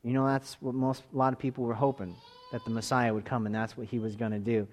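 A man in his thirties leading a church class, telling a story in a relaxed way, with soft asides and emphatic bursts. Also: medium pitch, fast. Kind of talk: sermon-style Bible lesson.

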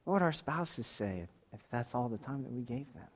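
A man preaching a sermon as pastor. He puts questions straight to the congregation, swinging between loud exhortation and quiet asides. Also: mid-range voice, lively intonation, brisk.

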